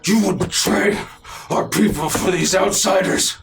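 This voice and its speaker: A man voicing an enraged male orc warrior who shouts with rising fury in a tabletop game. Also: high voice, measured pace, creaky, faint music behind, voice pushed up.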